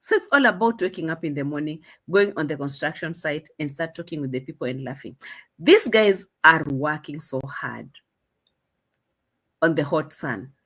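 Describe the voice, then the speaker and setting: A woman's voice: deep voice, animated, moderate pace, a bit bright. A young Kenyan woman with a Kenyan accent, chatting in a casual commentary vlog in a mocking tone, laughing often. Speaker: vlogger.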